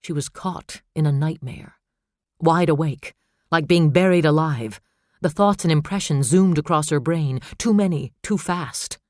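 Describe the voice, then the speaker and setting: A man narrating a suspense novel in steady, measured storytelling. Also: fairly high pitch, dry recording, clean studio sound. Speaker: audiobook narrator. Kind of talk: scripted narration.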